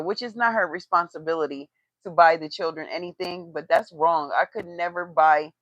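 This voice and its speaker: A woman with a fairly low voice tears into someone on a casual livestream, blunt, profane and mocking, her outbursts jumping up in loudness. The sound is dry and close, a little dull and lo-fi. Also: dry recording. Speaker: tarot reader and commentator. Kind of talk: casual livestream gossip commentary.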